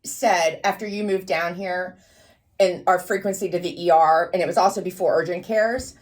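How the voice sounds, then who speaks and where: A woman co-hosting a podcast in casual chat, jumping in with quick teasing questions. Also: lowish voice, fairly even intonation. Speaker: podcast co-host.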